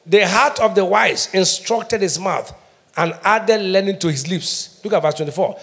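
A middle-aged Nigerian man preaching with emphatic call-and-response. His voice sits high for a man. He drives each point home and asks the congregation to answer. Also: normal speed, fairly bright tone. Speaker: pastor. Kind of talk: sermon.

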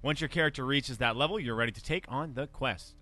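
A man's voice: medium pitch, a little fast, bright, forceful tone. A man casually commenting on his own video game playthrough, joking and talking back to the characters on screen. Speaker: gameplay commentator. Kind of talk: let's play commentary. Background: game music.

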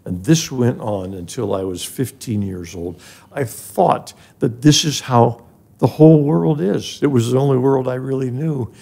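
A man's voice: medium pitch, a little slow, gravelly, dark tone. An older man, a guest on a podcast, telling his life story in an earnest, emotional way that rises when he is moved. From grew up in an African village. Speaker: guest, charity president emeritus. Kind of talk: personal storytelling in a podcast interview.

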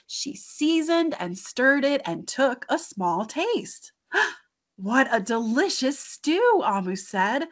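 A woman hosting a library story time, reading a picture book aloud to children in an expressive, encouraging way. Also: fairly high pitch.

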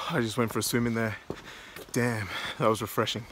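A young man in his twenties, vlogging casually from his car and outdoors in a rambling, excitable way with lots of fillers. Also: medium pitch, normal speed, noisy background. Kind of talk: casual vlog narration.

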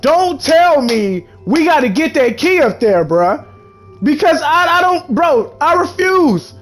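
A young man talks his way through a game in an animated, mock-dramatic style, speaking to the characters. His voice sits very high, with faint game music running underneath. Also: slow pace. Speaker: gaming YouTuber. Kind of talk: comedic let's-play commentary.

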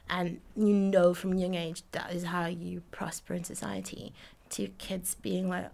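A woman's voice: lowish voice, steady tone, moderate pace, gravelly. A woman in her twenties from Jamaica, recalling her childhood in a chatty interview, full of fillers and laughs. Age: 20s. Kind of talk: casual recollection.

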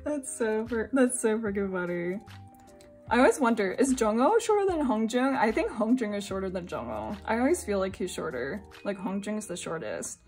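A young woman from Singapore chatting excitedly at home while unboxing, gushing and laughing often. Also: medium pitch, normal speed, soft background music. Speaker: unboxing vlogger. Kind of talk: excited casual unboxing chat.

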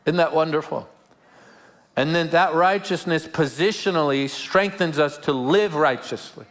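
A man's voice: on the high side, a little slow, fairly bright tone. A man preaches in church with a slightly raised voice. His delivery is earnest and searching, often repeating a word before landing the point. Light humorous asides break up the sermon. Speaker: pastor. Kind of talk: live sermon. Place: church service before a congregation.

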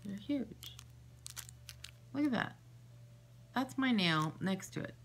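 Woman vlogger, casual unboxing chat, unhurried, very lively pitch, animated asides. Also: noisy background. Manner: chatty and animated, with exclamations and asides. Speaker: vlogger unboxing a nail art haul.

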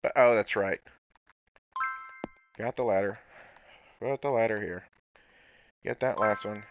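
A man's voice: lowish voice, a little slow, highs cut off, soft background music. A man casually commenting on his own gameplay, playful and talking to himself with sudden outbursts. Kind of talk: casual let's-play commentary.

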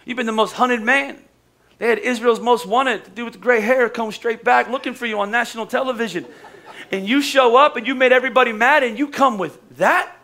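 A man's voice: extremely high pitch, vocal fry, pushed and bright. A man preaching a sermon as pastor, casual and conversational, with humor and acted-out quotes.

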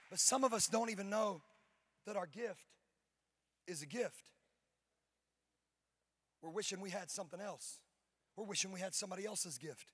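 A man preaching a sermon as pastor to his congregation, moving from quiet talk to loud, building preaching. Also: high-pitched, moderate pace, pauses often, slightly rough. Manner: talks with members of the audience on stage. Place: church stage before a congregation.

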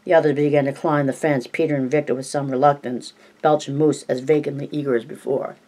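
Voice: mid-range voice, fairly even intonation, quick pace, dark tone. An amateur audiobook reader narrating plainly, with coughs, stumbles and self-corrections.

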